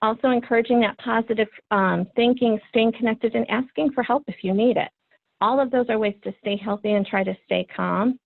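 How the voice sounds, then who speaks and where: A thirtysomething trainer leads a parents' webinar, encouraging and earnest, her speech sprinkled with ums. Her voice is a little high and creaky, steady in tone and fairly quick. The sound comes through a video call, phone-like and dry, without echo.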